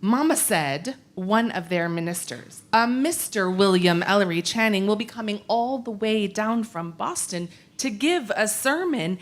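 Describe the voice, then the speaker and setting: Sweet, gullible young lady of old times, bright and wide-ranging in pitch, a woman acting her. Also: animated, unhurried, few pauses, natural voice. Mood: eager.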